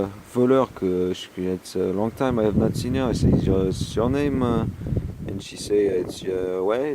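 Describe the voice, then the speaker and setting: Tired french guy rambling on his deck, really low voice, lots of uh and um, faint noise behind. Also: mellow. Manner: halting, full of fillers, switches between English and French. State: tired and hungover. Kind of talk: rambling casual vlog. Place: outdoors on a deck.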